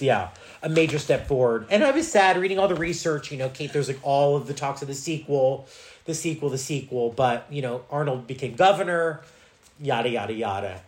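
A man co-hosting a podcast, talking through an old action movie in a loose, animated way. He swears freely and acts out quotes from the film. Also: mid-range voice. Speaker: podcast co-host. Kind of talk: casual movie chat.

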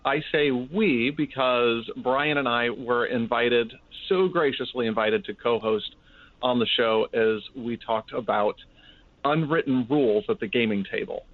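A man's voice: mid-range voice, measured pace, no echo. A man chatting enthusiastically as a podcast co-host, joking in geeky banter. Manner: enthusiastic, jokey geek banter. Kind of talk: casual podcast chat. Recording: tinny phone-like line, dry.

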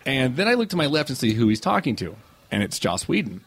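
A man's voice: mid-range voice, big pitch swings, fast talker, a bit bright, breathy edge. A young man on a podcast, telling a long anecdote in casual chat, swearing freely and acting out what people said. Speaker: podcast co-host.

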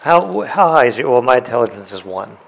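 Gravelly man player, dry quips. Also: medium pitch, very animated, fast talker, slight background noise, low-quality recording. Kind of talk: casual tabletop play.

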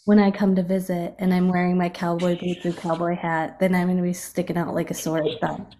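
A woman hosting a casual chat, animated and supportive. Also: fairly low pitch, brisk.

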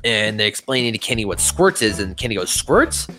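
A man hosting a podcast, casually recapping a cartoon episode in an animated way and swooping into quick impressions. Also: on the low side, over music. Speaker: podcast host.

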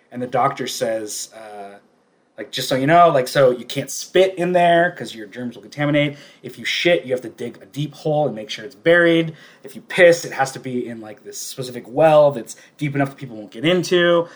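A man in an easygoing podcast conversation, recounting scenes at length with plenty of "like" and little laughs. His voice sits at an ordinary pitch for a man, and he talks like he is retelling a favorite story to a friend. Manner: rambling storyteller who retells scenes with lots of "like" and chuckles. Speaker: podcast co-host. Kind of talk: casual chat.

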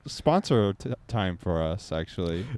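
Teasing low-voiced male podcast co-host. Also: big pitch swings, darkish tone, clean tone, no echo. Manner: teasing, quick to riff and ask questions. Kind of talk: joking casual chat.

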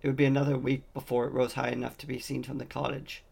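A man's voice: mid-range voice, completely flat delivery, quick pace, creaky, a little mellow, slightly rough. A man reading a fantasy novel aloud, voicing the dialogue lightly in his own voice. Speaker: audiobook reader.

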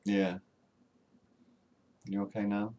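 A man's voice: lowish voice, monotone, takes it slowly, dark tone. A British man co-hosting a podcast, chatting casually in a rambling, self-mocking way with lots of restarts and laughter. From Britain. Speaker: podcast co-host. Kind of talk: casual banter.

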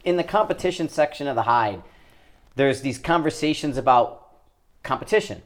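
A man co-hosting a podcast, chatting casually with quick quips and long run-on explanations. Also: mid-range voice, expressive. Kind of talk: casual chat.

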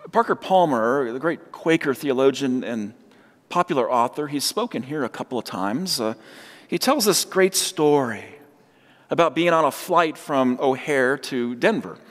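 A pastor tells stories in his sermon, acting out the voices of the people in them. His mid-range voice is animated, a bit bright, and a little slow, with a long hall reverb on the recording.

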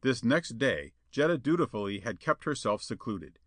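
A man reading a pulp adventure tale aloud as narrator, with an expressive storytelling manner. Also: mid-range voice, normal speed, dry recording.

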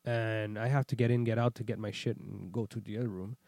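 A man's voice: fairly low pitch, fairly even intonation, fairly quick, a little mellow, dry recording. A man telling a long story in casual chat, acting out quotes and swearing often.

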